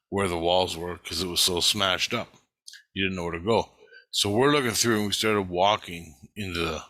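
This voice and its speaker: Guy rambling through a story, cusses a lot, lowish voice with a sharp edge, dry close sound. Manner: rambling, profane, with frequent restarts. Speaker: vlogger recounting an astral travel experience. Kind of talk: casual storytelling.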